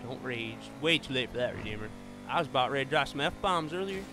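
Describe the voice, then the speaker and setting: A man's voice: mid-range voice, animated, quick pace, noisy background. A man streaming a racing game, chatting with viewers and friends and exclaiming often. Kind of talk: live gameplay commentary.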